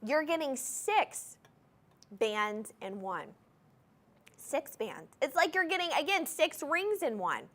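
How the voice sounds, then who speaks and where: A woman hosting a shopping channel, gushing enthusiastically as she pitches jewelry straight to viewers in a TV studio. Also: sing-song, slow pace, a bit bright. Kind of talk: live TV jewelry sales pitch.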